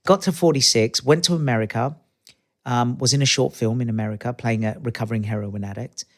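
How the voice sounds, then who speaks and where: A brisk, mid-range male voice belongs to an Australian man in his fifties, chatting as an interview guest. He's animated and acts out the voices of people in his anecdotes during the casual conversation.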